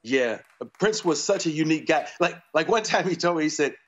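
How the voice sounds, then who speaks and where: A man's voice: on the high side, lively intonation, fairly quick, dull audio. A middle-aged man, a guest on a talk show, chatting in a playful, joking way. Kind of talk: casual interview chat. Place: TV studio with live audience.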